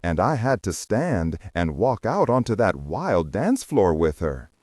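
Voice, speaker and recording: A male audiobook narrator with a low, husky voice that swings widely in pitch as he tells the story in the first person. His delivery is reflective, and the recording is dry, with the mic set a little back. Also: very animated, measured pace, darkish tone, no room sound, distant mic. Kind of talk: scripted narration.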